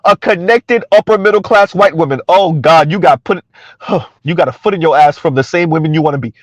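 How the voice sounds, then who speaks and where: High-voiced blunt man lecturing. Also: fairly quick, no room sound. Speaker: commentary channel host. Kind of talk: casual social media commentary. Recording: dry, dull lo-fi sound.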